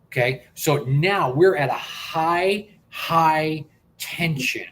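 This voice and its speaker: A man's voice: fairly high pitch, takes it slowly, fairly bright tone, a little hiss or hum. A man hosting a talk stream, earnestly telling a personal story and repeating words as he builds it up. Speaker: host.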